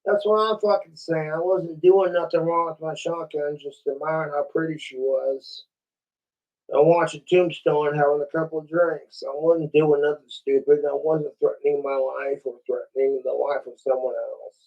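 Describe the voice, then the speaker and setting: A man's voice: fairly high pitch, flat delivery, moderate pace, lo-fi sound. A man ranting casually on a livestream, profane and rambling, coughing now and then. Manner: profane, rambling, laid-back. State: coughing from vaping.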